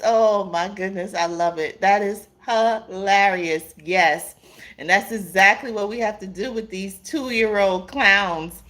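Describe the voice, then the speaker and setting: A woman with a medium-pitched, slightly bright voice speaks slowly while hosting a casual live stream. She reads viewer comments aloud, laughs often, and calls her viewers "y'all" and "honey."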